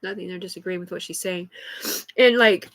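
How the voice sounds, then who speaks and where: A woman's voice: lowish voice, a little fast, a bit bright, no room sound. A woman, likely in her thirties, talking agitatedly and rambling with heavy swearing in an unscripted live stream on a phone. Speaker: livestreamer.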